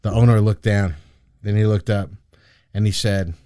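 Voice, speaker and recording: A man's voice: lowish voice, fairly even intonation, moderate pace, dark tone, clear, resonant tone, no room sound. Man, podcast host, casual storytelling, joking, profane, dry close sound.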